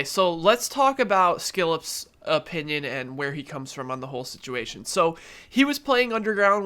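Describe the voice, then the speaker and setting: A man's voice: on the high side, bright, forceful tone. A young man with a nasal, stuffed-up voice from allergies, giving his earnest opinion in a casual gaming vlog. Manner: earnest, opinionated, conversational with fillers. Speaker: gaming YouTuber.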